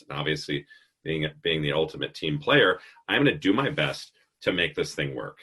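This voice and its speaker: Man in his fifties with a very low, husky voice, hosting a casual interview chat. He tells long stories with animated energy and drops the odd swear word. The tone stays loose and conversational throughout. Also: normal speed. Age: 50s. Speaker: podcast host.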